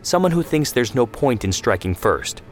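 A man voicing a quiet, probing youngest son. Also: mid-range voice, normal speed, soft background music, voice pushed up, close to an everyday voice. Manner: calm, questioning.

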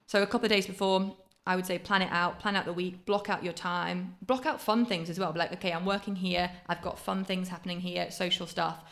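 Fast-talking gravelly woman coach. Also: lowish voice, fairly even intonation, fairly bright tone. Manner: fast, practical advice with many fillers. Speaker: fitness coach guest. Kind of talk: casual podcast chat.

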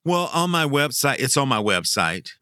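A middle-aged man from Texas, a professional Santa Claus, tells stories in an interview, animated and quick to laugh. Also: smooth, dry recording, clean studio sound. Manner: animated, jumps high when quoting kids, laughs often. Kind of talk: storytelling interview.

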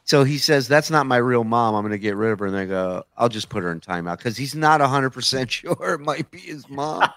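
A man hosting a podcast in loose, crude banter, laughing often as he riffs with his co-hosts. The mic is close and dry with no room sound. His pitch sits in an ordinary middle range. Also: animated, brisk, hardly any pauses, fairly bright tone, no room sound. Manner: laughs often, rowdy joking. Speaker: podcast host.

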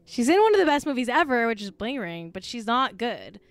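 A woman's voice: a little high, very animated, fairly quick, no echo. A woman co-hosting a casual podcast chat, gossipy and blunt, peppering her talk with "like.". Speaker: podcast co-host.

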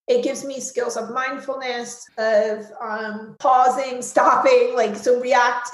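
A woman's voice: a little high, reverberant, poor audio. A woman guest speaking candidly in an interview, frank and full of "like" fillers, swearing freely.

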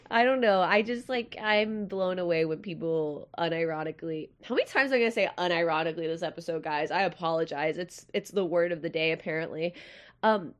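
A young woman hosting a podcast in casual, chatty, self-deprecating talk, with a nasal voice. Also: on the low side. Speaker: podcast host.

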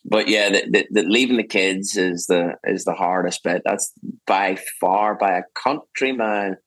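Over a video call, a middle-aged Northern Irish singer-songwriter with a matching accent rambles through a relaxed interview, cutting himself off and laughing readily. His voice sits low and sounds a bit bright at a moderate pace, on a dry recording with poor audio.

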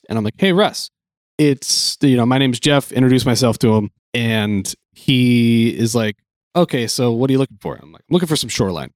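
A man spinning a backstage anecdote in a casual chat, jumping into the voices of the people he quotes. His voice sits at a middle pitch and sounds close and dry, with no room around it. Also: no room sound. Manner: animated, acts out quoted dialogue. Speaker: guest telling a story. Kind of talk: casual storytelling.

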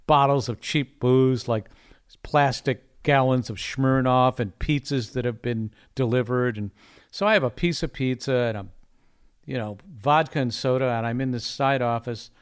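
An older man from Ohio, a guest musician telling a story with animated energy. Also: medium pitch, normal speed, clean tone. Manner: animated storyteller, laughs often, acts out quotes. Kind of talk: conversational storytelling.

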